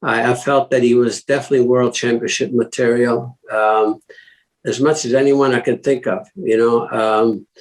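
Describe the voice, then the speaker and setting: An older man speaks as a podcast guest, from Italy originally. He rambles through his stories with many fillers, restarts and small chuckles, and his voice sits at an ordinary mid pitch. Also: flat delivery, normal speed, poor audio. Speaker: guest, former racing driver. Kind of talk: casual interview talk.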